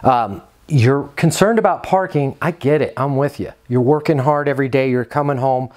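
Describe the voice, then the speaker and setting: A man's voice: mid-range voice, moderate pace, darkish tone. Earnest man coaching property managers. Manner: earnest, coaching, repeats key phrases. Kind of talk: instructional talk to camera.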